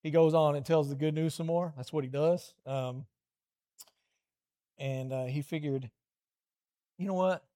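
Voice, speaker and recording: A man, middle-aged, preaching a lively children's sermon, animated storytelling with playful voiced asides. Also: a little high, measured pace, long pauses.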